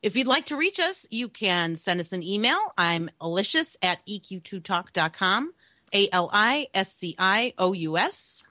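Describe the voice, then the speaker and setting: Bright, lively woman podcast co-host. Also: medium pitch, moderate pace, no room sound. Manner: laughing, rambling, playful. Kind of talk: casual podcast banter.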